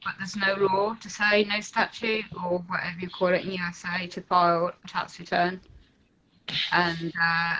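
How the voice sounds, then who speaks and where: A woman's voice: on the low side, level tone, normal speed, pushed and bright, rough recording. A woman calling in to a live talk show, chatting in a rambling way with lots of fillers and asides. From United Kingdom. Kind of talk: casual chat.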